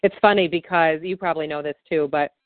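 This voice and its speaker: A woman's voice: low voice, quick pace, no room sound. Chatty woman on a tinny call. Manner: chatty, many fillers. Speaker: tapping practitioner. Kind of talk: guided tapping and casual chat. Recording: tinny phone-like call audio.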